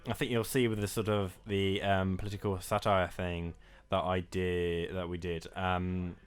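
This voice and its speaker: A man's voice: sits low, level tone, moderate pace, smooth. A young man co-hosting a casual film podcast, talking hesitantly with many fillers. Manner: hesitant, many ums and sort ofs. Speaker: podcast co-host.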